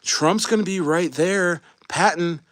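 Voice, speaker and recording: A man's voice: sits high, unhurried, fairly bright tone, no echo, studio quality. An American man hosting a casual livestream, rambling and swearing freely, with many restarts. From United States. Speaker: livestream host.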